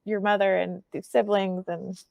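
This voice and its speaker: A woman interviewing for an oral history project, asking questions in a conversational, gently probing way. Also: medium pitch, flat delivery, normal speed, creaky, no room sound, dull audio.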